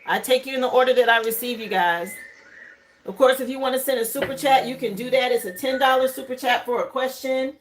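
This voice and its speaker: A high-pitched woman hosts a live tarot stream from home. She talks loosely and chattily, greeting viewers by name and musing aloud over each card. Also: a little fast, slight background noise, rough recording. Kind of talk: casual live tarot reading. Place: home livestream setup, burning incense.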